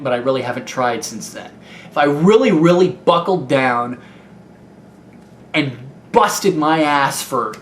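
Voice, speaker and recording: Young Midwestern gaming vlogger, mid-pitched, chatty and unpolished, recorded in a slightly echoey room. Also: male voice. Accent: Midwestern American. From Ohio. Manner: rambling, candid, many fillers and restarts. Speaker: YouTube gaming video maker. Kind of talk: casual Q&A vlog. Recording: echoey room with faint noise.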